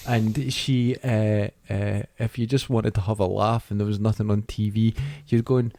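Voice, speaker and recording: A man's voice: lowish voice, flat delivery, normal speed, mellow, slight background noise. A middle-aged Scottish man, co-hosting a podcast, telling stories and swearing in casual banter. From Scotland. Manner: chatty, storytelling, swearing. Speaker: podcast co-host.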